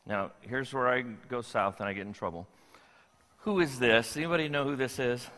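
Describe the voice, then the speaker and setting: Older man, pastor, sermon, playful, bright tone, church hall reverb. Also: mid-range voice. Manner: playful, joking with the congregation. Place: church sanctuary.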